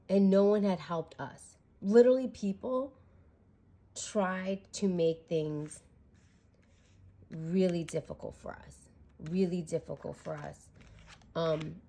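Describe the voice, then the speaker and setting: A woman's voice: deep voice, mellow. A young woman giving a casual, chatty tarot reading, candid and swearing freely. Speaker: tarot reader.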